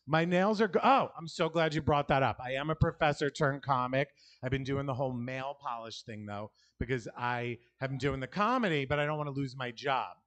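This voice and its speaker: New York man doing rambling stand-up. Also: medium pitch. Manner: rambling, self-deprecating, loose delivery with fillers. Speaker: stand-up comic. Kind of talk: stand-up comedy set. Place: outdoor alley venue.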